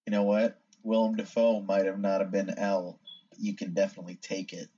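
A man's voice: deep voice, level tone, a little fast, dark tone. Casual young male host, jokey and ribbing, muffled off-mic sound. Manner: joking, teasing. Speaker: podcast host. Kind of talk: casual chat. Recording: distant, dull-sounding mic.

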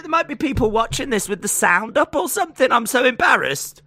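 A man co-hosting a casual chat show, playful and quick to laugh and slip into silly voices. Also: very high-pitched, big pitch swings, pushed and bright, no echo. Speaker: co-host.

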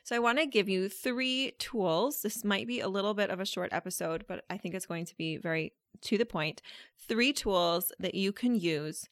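A woman's voice: mid-range voice, fairly bright tone, no echo, clean studio sound. A woman hosting a solo coaching podcast, speaking directly and conversationally as she quotes her listeners' questions and answers them. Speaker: podcast host and life coach.

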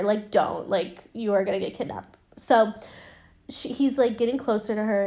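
Woman, podcast host, casual recap, fillers, swearing, slightly high voice. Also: moderate pace. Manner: chatty, profane, filler-heavy, animated.

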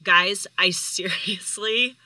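A woman's voice: medium pitch, slow pace, sharp tone, no room sound, rough recording. A woman hosting a podcast, telling a personal story in a candid, heartfelt, conversational way. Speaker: podcast host.

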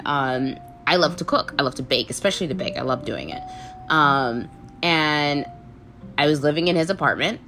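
Young woman, casual comic storytelling, lively swooping pitch, low voice, faint music behind. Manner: animated, acts out voices in quotes, frequent laughs.

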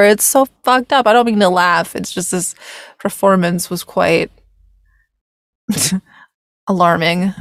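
A tired woman talks through film clips in a slow, unhurried, slightly low voice, rambling and breaking into laughs as she corrects herself. The sound is dry and close. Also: gravelly, dry recording. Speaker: reaction video host. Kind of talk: casual film commentary.

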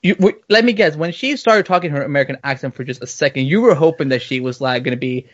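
A man with a fairly high voice chats as a podcast co-host, rambling with plenty of fillers and quick restarts. His talk is animated and loose. The sound is dull and lo-fi. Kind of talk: casual podcast chat.

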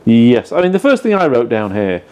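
A blunt man speaks his mind in casual podcast talk, swearing freely as he makes his points. His voice is mellow and dark, sitting in a middle pitch. He reads bits from a book aloud as he argues. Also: big pitch swings, brisk. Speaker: podcast co-host. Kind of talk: casual chat about sales.

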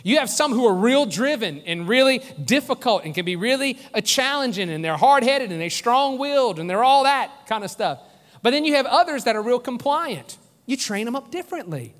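A man's voice: extremely high pitch, sing-song, brisk, a bit bright, long reverb tail. A man preaching a sermon as pastor, earnest and conversational, often restarting his phrases.

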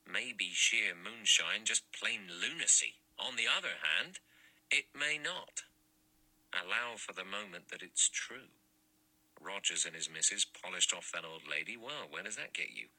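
A man's voice: low voice, animated, a little slow, sharp tone, exaggerated voice, low-quality recording. A man reading an audiobook, voicing a blunt, aggressive man who argues in plain slang.

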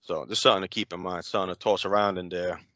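Man, casual chat, rambling and reflective, lowish bright forceful voice, muffled dry recording. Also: fairly even intonation, very fast, dry recording. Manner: reflective, rambling, frequent "you know". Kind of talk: casual conversation.

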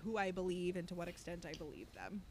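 A woman's voice: lowish voice, lively intonation, quick pace, slightly rough. A woman co-hosting a podcast, talking in blunt, opinionated bursts of emphasis as she recaps a reality show. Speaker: podcast co-host.

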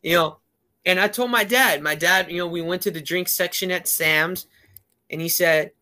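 Bright, high-voiced man telling a story. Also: normal speed. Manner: rambling, heavy on fillers. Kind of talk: casual storytelling.

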